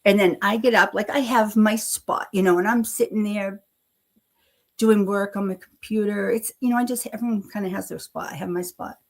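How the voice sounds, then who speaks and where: A woman's voice: mid-range voice, steady tone, normal speed, vocal fry. A middle-aged woman hosting a casual live stream, rambling, self-deprecating, laughing often and swearing freely.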